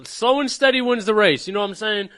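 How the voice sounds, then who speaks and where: A man's voice: sits high, quick pace, sharp tone. A man co-hosting a casual podcast, trading crude, teasing banter.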